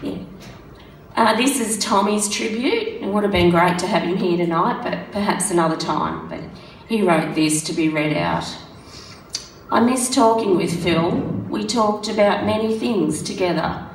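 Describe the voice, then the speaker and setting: A woman with a croaky, hoarse voice, reading out a prepared tribute in a steady, measured way. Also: medium pitch, slight background noise. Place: function room. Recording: roomy sound from a distant mic.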